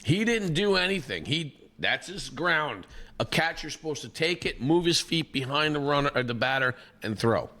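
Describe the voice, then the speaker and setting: A man, hoarse from a recent illness, animatedly telling stories in casual chat as a podcast co-host. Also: fairly high pitch, moderate pace. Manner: animated storyteller, acts out quoted people.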